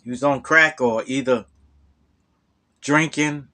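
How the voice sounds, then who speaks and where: A man telling a true story in a casual way. He repeats words and jumps up high when he gets indignant. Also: steady tone, slow, pushed and bright.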